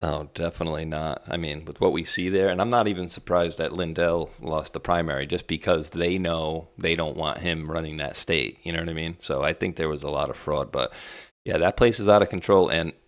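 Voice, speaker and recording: A man's voice: a bass voice, fairly quick. A man co-hosting a podcast, animatedly retelling a text exchange in casual chat. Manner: animated storytelling, quotes others.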